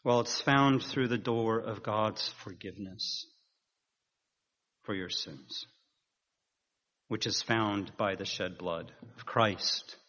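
A man preaching a sermon in a measured, earnest way, rising with emphasis at key points. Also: fairly low pitch, fairly bright tone. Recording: dull sound in a reverberant hall.

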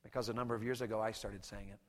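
A man preaching to teenagers with animated storytelling, swinging from quiet asides into shouted bursts. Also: on the low side, very fast. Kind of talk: youth sermon. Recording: hall reverb.

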